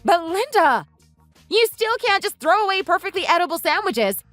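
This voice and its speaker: A woman's voice: very high voice, very animated, normal speed, fairly bright tone, no room sound, faint music behind, exaggerated voice. A woman voicing an indignant young wife in a voiced texting story, scolding in an earnest, exasperated way. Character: indignant young wife defending her family.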